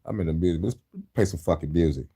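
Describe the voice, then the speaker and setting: A man's voice: deep voice, fast talker, dark tone, breathy edge. A man hosting a casual late-night monologue, tired from no sleep, rambling and swearing freely in a laid-back way. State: tired, has not slept. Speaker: host.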